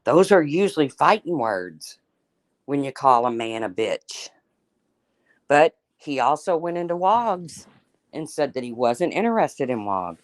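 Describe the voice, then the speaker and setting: A woman's voice: low voice, very animated, a little slow, no room sound. Chatty woman livestream host, dry sound. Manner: chatty and teasing, often laughing, addresses viewers by name. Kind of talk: casual livestream chat reading viewer comments.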